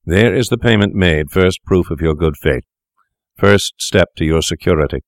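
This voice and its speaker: A calm, persuasive young doctor, as a male reader puts him on, smooth and quietly menacing. His voice sits deep and low, and the dry, close recording has no room sound around it. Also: moderate pace, no echo. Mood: coaxing.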